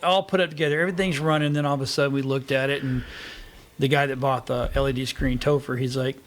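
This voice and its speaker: A man hosting a tech talk show, telling a chatty weekend story with a joking edge. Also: medium pitch. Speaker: host. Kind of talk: casual chat.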